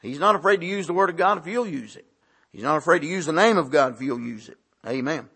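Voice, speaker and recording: Preacher guy, high bright voice, swoops all over, lots of amens. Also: animated, fast, gravelly, breathy edge. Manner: preaching with frequent "amen" and dramatic emphasis. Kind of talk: sermon.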